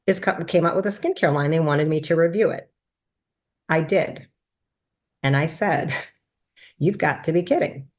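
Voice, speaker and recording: A woman doctor telling a casual testimonial story in an animated way, acting out her own reactions. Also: deep voice. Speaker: doctor sharing a product testimonial.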